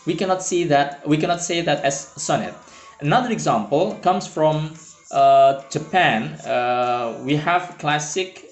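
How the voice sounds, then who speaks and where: A man teaching a lesson, hesitant and full of filler sounds. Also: on the high side. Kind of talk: lecture. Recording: roomy echo.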